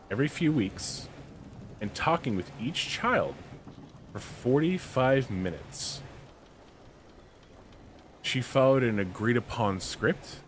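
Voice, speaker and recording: A podcast co-host with a mid-range voice reads a story aloud and keeps breaking off into slangy, joking asides in a casual mix of reading and commentary. A little hiss or hum sits under the recording.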